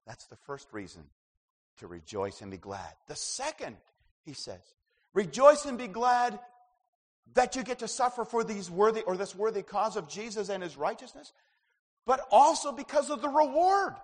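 A man preaching a sermon as pastor, swinging between loud emphasis and hushed asides. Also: sits high, sing-song, normal speed, long reverb tail.

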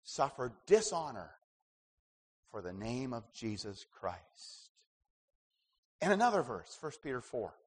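A man preaching a sermon as pastor, swinging between loud emphasis and hushed asides. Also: medium pitch, very animated, slow pace, long pauses, slightly rough, big-room sound.

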